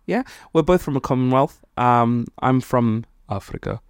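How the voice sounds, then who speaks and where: A podcast co-host from Malawi chatting casually, rambling and quick to laugh. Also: medium pitch, clear, resonant tone, no room sound, studio quality. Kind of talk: casual chat.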